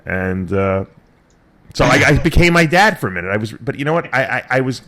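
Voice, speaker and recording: A man's voice: medium pitch, very animated, fairly quick, sharp tone. A middle-aged man hosting a radio show, telling rambling stories in casual, profane chat.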